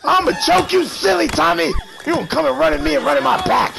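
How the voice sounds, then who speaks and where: A man streams a horror game and taunts the other players in loud, cursing, mock-threatening bursts. His voice is very high and full of gravelly fry. Loud game music runs behind him. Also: rapid-fire. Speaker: gamer streamer. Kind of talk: trash-talking gameplay commentary.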